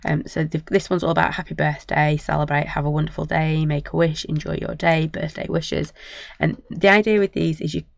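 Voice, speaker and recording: A woman hosting a live craft product demo, a little croaky and talking in a chatty, apologetic, rambling way. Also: sits low, fairly even intonation, fairly quick, dry recording. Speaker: craft shop host. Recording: dull lo-fi sound.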